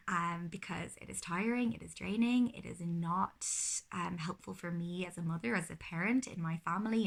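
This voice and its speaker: A woman's voice: fairly low pitch, creaky. A woman in her thirties, a mother, giving parenting advice in a casual vlog, talking earnestly and often correcting herself mid-sentence. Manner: earnest, explanatory, with frequent self-corrections.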